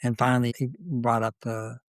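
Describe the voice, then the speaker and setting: An older man telling a long anecdote as a guest in a conversation. His pitch sits in the middle range and he often restarts phrases while quoting others. The recording is close and dry. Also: level tone, normal speed, dry recording. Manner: anecdotal, acts out quoted dialogue, restarts often. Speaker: interview guest. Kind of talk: conversational storytelling.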